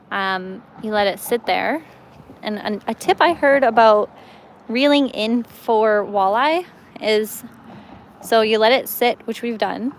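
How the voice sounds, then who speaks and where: A woman's voice: on the high side, poor audio. Young woman, casual livestream host, chatty and giggly, outdoors by a lake, faint background noise. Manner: chatty and giggly, reads viewer comments. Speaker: fishing livestreamer. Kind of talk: casual live-stream chat. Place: outdoors on a lakeshore.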